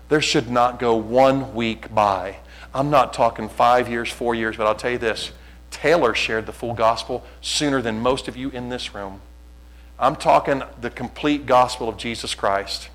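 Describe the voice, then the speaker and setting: A male pastor preaching a sermon, earnest and pleading, acting out conversations in animated bursts. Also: mid-range voice, poor audio.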